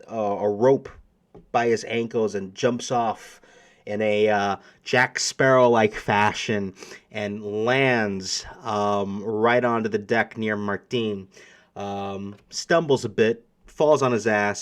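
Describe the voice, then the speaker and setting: A man narrating as game master for a tabletop role-playing game, reading prepared scene text and then improvising with frequent fillers. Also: lowish voice.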